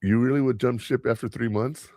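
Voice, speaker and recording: Fairly quick and a little mellow, this man's mid-range voice keeps a fairly even intonation. He hosts a podcast, telling workplace stories in chatty, rambling fashion full of fillers and restarts, recorded in studio quality with no room sound.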